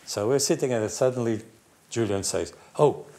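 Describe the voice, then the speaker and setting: Older Portuguese man, low voice, telling stories. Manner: animated, halting, with restarts and quoted voices. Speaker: guest storyteller, former racing team manager. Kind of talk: casual anecdote telling.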